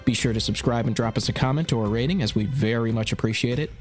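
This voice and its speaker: A man's voice: medium pitch, fast talker. A man hosting an interview podcast, reading an upbeat scripted intro and then asking questions. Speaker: podcast host.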